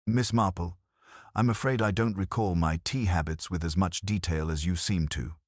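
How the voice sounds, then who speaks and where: A man's voice: deep voice, normal speed, no room sound, studio quality. A man voicing a middle-aged male lawyer who speaks in a tight, strained, indignant way. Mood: tense, defensive.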